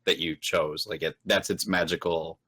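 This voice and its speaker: A man narrating a tabletop game as game master, in a relaxed and descriptive way. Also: rumbling low, moderate pace, slightly rough.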